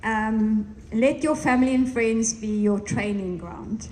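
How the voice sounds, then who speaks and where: Calm woman co-presenting to a team. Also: fairly high pitch, slow pace, rough recording. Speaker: network marketing co-presenter. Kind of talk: casual talk to a team.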